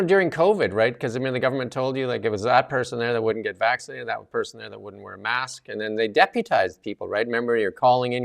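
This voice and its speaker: A man with a low, gravelly voice co-hosts a casual talk show. He rambles through news items with plenty of fillers and restarts. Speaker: co-host.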